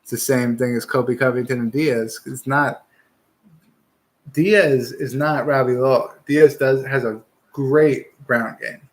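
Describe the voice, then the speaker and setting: A young man hosts a casual fight-picks show. His voice sits at an ordinary middle pitch. He talks bluntly and swears freely, pushing hard opinions in loose, rambling chat. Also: fairly even intonation, unhurried. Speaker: podcast host giving fight picks.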